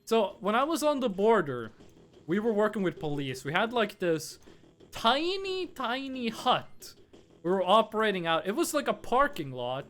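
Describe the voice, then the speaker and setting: Animated, rambling streamer. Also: mid-range voice, moderate pace. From Norway. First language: Norwegian. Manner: rambling, profane storytelling. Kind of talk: casual chat while gaming.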